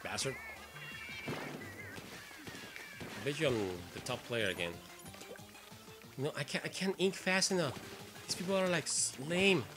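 Excitable swearing man, lively gamer commentary. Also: sits high, slow, pauses often. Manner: excitable, swearing, trash-talking. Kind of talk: let's play gameplay commentary. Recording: game music clearly behind voice. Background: game music.

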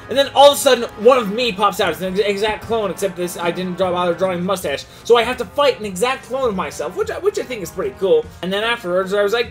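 A man's voice: high-pitched, lively intonation, fast talker, hardly any pauses, soft background music. A man hosting a gaming channel, giving an unscripted, goofy recap of a game's story mode with frequent restarts.

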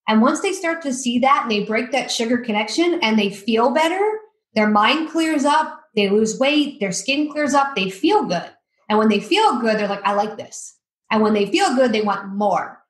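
A woman guest telling lively stories in a podcast interview, acting out the quotes. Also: a little high, echoey room, poor audio. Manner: lively storyteller, acts out quotes. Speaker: guest, addiction coach.

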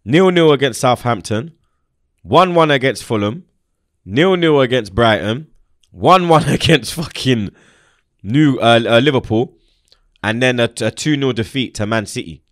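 A man's voice: medium pitch, unhurried, no room sound, studio quality. A young man hosting a heated, slangy football chat and making his points with emphasis. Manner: animated, emphatic, street slang. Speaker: football fan show host.

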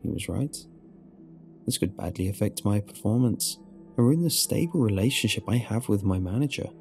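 A man with a very deep, gravelly voice narrates a first-person horror story. His delivery is low and measured, and soft music plays faintly beneath him. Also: expressive.

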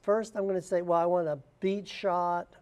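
Mellow-voiced man explaining software steps. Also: high-pitched, little pitch movement, normal speed, clean tone. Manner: plain step-by-step explaining with frequent fillers. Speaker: software tutorial instructor. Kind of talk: screen-recorded software walkthrough.

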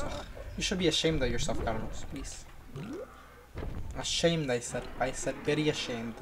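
An excitable gamer chatters through casual gameplay commentary, teasing a friend in a playful, mid-pitched voice. A faint hiss sits under the recording. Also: normal speed, pauses often.

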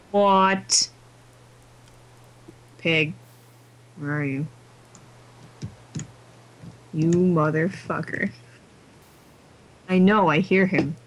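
A woman's voice: low-pitched, poor audio. An exhausted woman gamer chatting to herself during late-night gameplay, giggling as she goes. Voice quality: giggly, talks to herself and the game. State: exhausted, sleepy.

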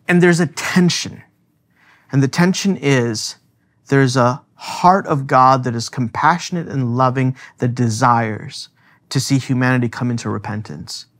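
An animated man talks through a theological idea on a podcast. His pitch sits in a middle range. He leans hard on key words and fills pauses with "um". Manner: animated and emphatic, many filler words. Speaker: theologian co-host. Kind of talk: podcast discussion.

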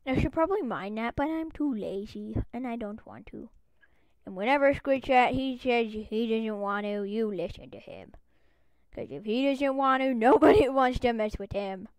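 A woman's voice: fairly high pitch, normal speed, no echo. A woman giving casual let's-play commentary as a game channel host, bubbly and chatty, with lots of exclamations.

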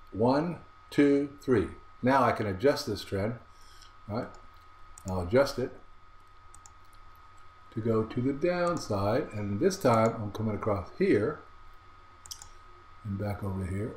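A man's voice: medium pitch, darkish tone, slight background noise. A man giving a trading lesson over a chart, often checking in with rhetorical questions and repeating his phrases. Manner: repetitive, asks rhetorical "right?" checks. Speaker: trading instructor. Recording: roomy echo.

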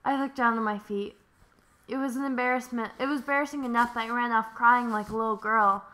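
A young woman hosting a let's play, reading a visual novel aloud in an animated, playful way with jokes and swearing. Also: a little high, fairly quick.

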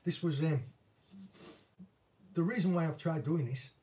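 Northern English fisherman, easygoing self-deprecating chatter, warm low-key voice, recorded a little off-mic. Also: unhurried. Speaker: angling vlogger and former commercial fisherman. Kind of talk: casual viewer Q&A chat. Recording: voice a bit distant from the mic.

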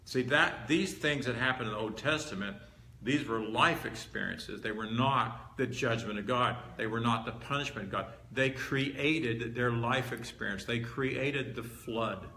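In a meeting hall before a live audience, a man preaches a teaching sermon in a bright, forceful, mid-range voice, keeping his pace measured. His style is emphatic but conversational, and he keeps coming back hard to the same key words. Faint hiss and a roomy echo from the hall fill the background.

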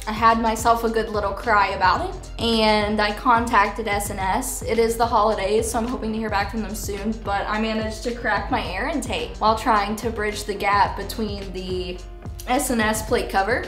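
A woman's voice: mid-range voice, steady tone, moderate pace, a bit bright. A woman motorcycle vlogger talking casually and candidly while upset and tearful, swearing now and then. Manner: candid, swears, laughs between lines. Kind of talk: casual vlog chat. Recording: echoey room with faint music.

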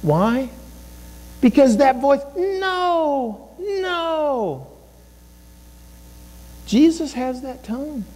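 A man's voice: high voice, mellow, big-room sound, rough recording. A man preaching a sermon as pastor, impassioned and repetitive, acting out the inner voices he describes. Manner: impassioned, acts out inner voices, repeats phrases. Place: church sanctuary.

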